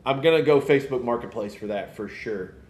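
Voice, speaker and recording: A man, hosting a casual live podcast and rambling in an animated way. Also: medium pitch, brisk, echoey room. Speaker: podcast host. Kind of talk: casual live-stream chat.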